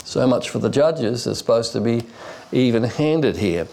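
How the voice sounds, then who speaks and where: Male preacher, mid-pitched, digressive storyteller who often restarts and uses fillers. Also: lively intonation, moderate pace, gravelly, a little mellow. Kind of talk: expository sermon.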